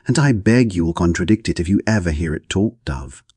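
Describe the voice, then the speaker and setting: Simpering, affected young woman voiced by a man, low and husky. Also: animated, brisk, mellow, no room sound.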